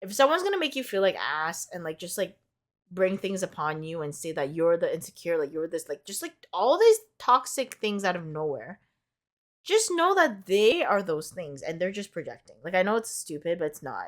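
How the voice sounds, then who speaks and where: A woman's voice: lowish voice, big pitch swings, normal speed, fairly bright tone. A young woman giving a casual tarot reading to her viewers, chatty and giggly, full of "like" fillers, and a little sick. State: sick, with bouts of laughter. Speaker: tarot card reader.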